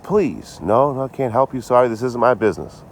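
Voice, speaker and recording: A man's voice: mid-range voice, big pitch swings, a little fast, slight background noise. A man voicing a nervous truck driver who hurriedly refuses to help, in a slightly raised voice. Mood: refusing.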